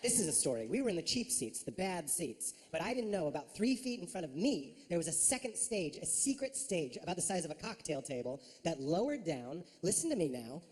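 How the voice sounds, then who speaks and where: A woman doing a stand-up comedy set, telling a story with lively acted-out voices. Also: lowish voice, fairly quick, few pauses.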